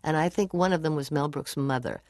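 A woman's voice: deep voice, brisk, darkish tone, no room sound, clean studio sound. An older woman as an interview guest, telling anecdotes animatedly, laughing often and acting out whispered lines.

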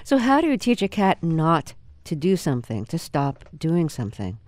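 A woman's voice: low voice, big pitch swings, moderate pace, darkish tone, no echo. A woman interviewer asking curious, chatty questions with loose hesitations.

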